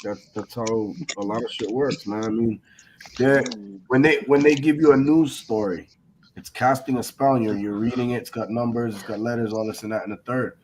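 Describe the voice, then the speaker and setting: A man's voice: medium pitch, brisk, background noise. A man in casual stream chat who talks earnestly, repeats words as he thinks, and swears.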